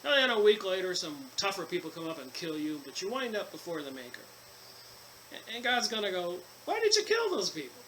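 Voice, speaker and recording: A man's voice: high voice, expressive, a little fast, fairly bright tone, slight background noise, low-quality recording. A man reading from a book and breaking off into long rambling asides, with many fillers and restarts. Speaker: channel host reading and commenting on a book. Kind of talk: casual book commentary mixing reading aloud and rambling asides.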